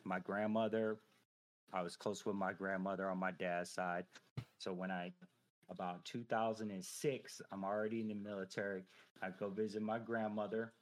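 Man in his thirties, lowish voice, casual profane storytelling, lots of fillers. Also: normal speed. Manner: profane, animated storytelling with frequent filler phrases. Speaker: podcast guest, army veteran.

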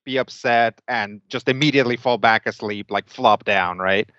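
A man with a smooth, resonant low voice chats on a podcast, stumbling over repeated words. The sound is dry and slightly muffled, lacking top end. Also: normal speed, bright, forceful tone, no room sound. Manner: hesitant, repeats words before making his point. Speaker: podcast co-host. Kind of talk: casual chat.

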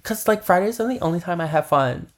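A man's voice: high-pitched, animated, fast talker. A young man co-hosting a casual podcast, gossiping in a sassy, camp, slangy way into a laptop mic. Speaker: podcast co-host. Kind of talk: casual chat. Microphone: laptop built-in mic.

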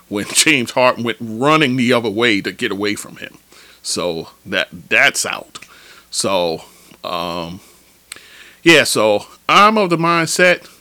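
A man hosting a solo basketball podcast, ranting in an animated, opinionated, slangy way. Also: on the low side, dry recording. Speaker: podcast host.

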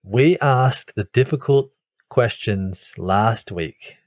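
Male podcast co-host, measured explainer, slightly low voice, dry sound. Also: dry recording. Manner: explains theories step by step, measured. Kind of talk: casual chat.

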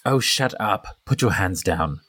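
A man's voice: low-pitched, expressive, a little slow, fairly bright tone, breathy edge, full character voice. Man voicing an arrogant tiefling cultist. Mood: dismissive. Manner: curt and dismissive.

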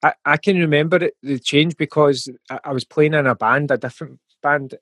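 A man's voice: on the high side, steady tone, a little fast, fairly bright tone, no echo. Scottish man, thoughtful and dry-voiced. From Scotland. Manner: thoughtful, with frequent ums and restarts. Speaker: musician guest. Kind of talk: casual interview talk.

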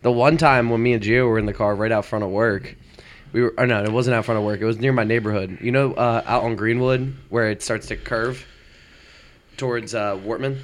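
A man's voice: medium pitch, fairly even intonation, fairly quick, a little hiss or hum. A young man in casual chat, rambling and correcting himself as he tells a story.

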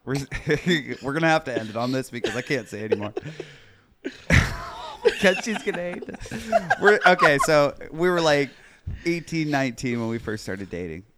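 A man's voice: mid-range voice, sing-song, normal speed, a bit bright. A man in his twenties from Minnesota, co-hosting a casual podcast, bantering, laughing and swearing often. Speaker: podcast co-host.

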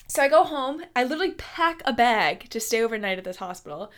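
A young woman with a slightly high voice tells a personal story as a podcast host. She talks in a loose, animated way, full of fillers and quick laughs. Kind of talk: casual storytelling.

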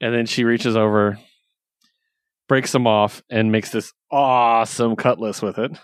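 A man casually recapping a story, chatty and laughing often, quoting characters in quick voices. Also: mid-range voice, fairly even intonation, no echo, studio quality. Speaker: comic book reviewer. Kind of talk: casual chat.

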